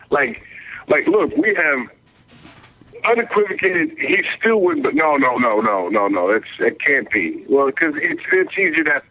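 A man's voice: fairly high pitch, lively intonation, measured pace. A Southern man from Texas calling into a radio show, telling stories in casual, profane chat. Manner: profane, storytelling with mocking quotes. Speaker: caller. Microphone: phone line. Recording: lo-fi phone-in audio.

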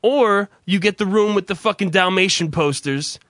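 A male radio host rants in casual banter, blunt and profane, tripping over his own restarts. His voice is bright and fairly high for a man. It sounds dry and close to the mic. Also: normal speed, dry recording. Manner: blunt, ranting, swears constantly, stammers into restarts.

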